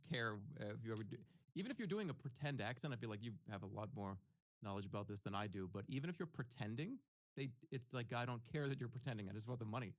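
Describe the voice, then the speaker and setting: A man's voice: mid-range voice, expressive, quick pace, no room sound. Guest guy cracking jokes, stammers a lot, dry close mic. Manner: joking, stammers and repeats words. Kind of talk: casual chat.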